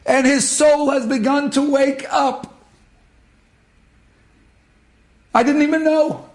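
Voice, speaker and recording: A man voicing a tearful, overwhelmed middle-aged mother in a sermon story, his voice pitched up and choked with emotion. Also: steady tone, normal speed, roomy sound. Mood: tearful joy.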